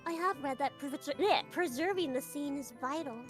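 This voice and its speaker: A high, nasal young princess, polite and earnest, answering questions as a witness in a game playthrough, as a woman puts her on. Soft children's music plays behind her. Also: moderate pace, lightly acted. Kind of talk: voicing a character in a game playthrough.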